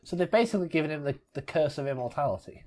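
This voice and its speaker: Give me a blunt man co-hosting a film commentary, with a lively, swinging pitch. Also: very fast. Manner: blunt, dry and grumbling. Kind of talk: casual movie-watching commentary.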